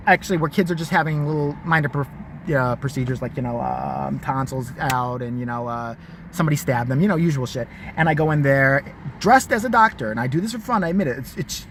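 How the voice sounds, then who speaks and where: A man's voice: on the high side, fairly bright tone, slight background noise. A man ranting in a vlog commentary, profane and mocking. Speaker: vlogger.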